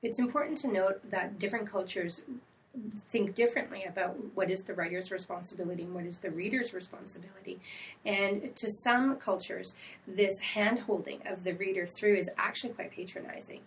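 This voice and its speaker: Woman writing-center director, steady explainer, slightly distant mic with faint hiss. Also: mid-range voice. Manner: measured, explanatory. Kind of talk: casual academic conversation.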